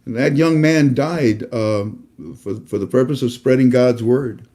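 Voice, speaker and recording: A man talks to his viewers about faith in a loose, preachy way, stumbling through uhs and restarts. His voice is mellow and relaxed, in a middle pitch. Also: unhurried. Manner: rambling, preachy, with many fillers and restarts. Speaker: host. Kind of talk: casual religious talk to viewers.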